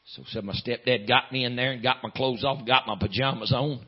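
A man preaching a sermon in a folksy drawl, filling pauses with "uh", swinging from loud preaching to hushed storytelling. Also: mid-range voice, steady tone, husky. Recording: dull lo-fi sound.

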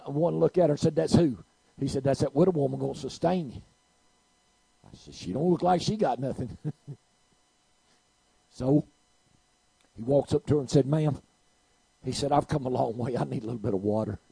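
Man preaching, gravelly and husky, big loud-soft swings. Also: mid-range voice, moderate pace, pauses often, no echo, poor audio. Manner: storytelling, swings from quiet to loud. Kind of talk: preaching a sermon.

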